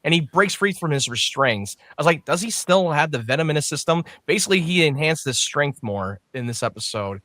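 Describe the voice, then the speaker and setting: A man talking casually as a podcast co-host, animated, laughing often and putting on quoted voices. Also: on the high side, a little fast, hardly any pauses, no room sound. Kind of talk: casual chat.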